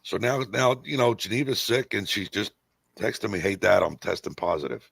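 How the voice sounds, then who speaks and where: A man in his fifties co-hosting a casual podcast, with a low voice full of gravel and a husky edge. He tells blunt stories laced with swearing and plays out each quoted line. The recording is close and dry. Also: lively intonation, moderate pace, a bit bright, dry recording. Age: 50s. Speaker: podcast co-host. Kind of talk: casual pub-style chat.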